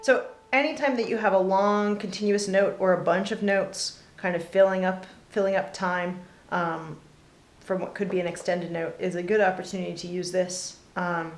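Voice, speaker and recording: A woman teaching a casual fiddle lesson, relaxed and chatty with many pauses and fillers between playing. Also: fairly low pitch, faint music behind. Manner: relaxed, lots of ums, talks between demonstrations. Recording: roomy with loud fiddle playing.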